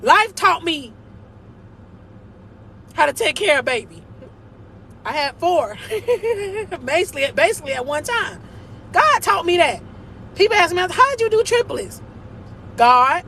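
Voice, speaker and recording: Emphatic woman life coach, high bright voice, motivational faith talk from a car. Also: expressive, slow, pauses often, a little hiss or hum. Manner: emphatic, preachy, laughs often.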